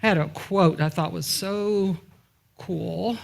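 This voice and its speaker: A woman minister speaks slowly in a fairly low, gravelly voice, giving a conversational sermon in a church sanctuary. Informal asides pepper her talk, and she regularly asks the congregation rhetorical questions, then waits for responses.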